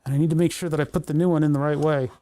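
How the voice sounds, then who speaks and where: A man's voice: on the high side, fairly even intonation, very fast, mellow. A man chatting casually on a livestream while he solders, thinking aloud and talking to the parts in his hands. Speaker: electronics livestreamer.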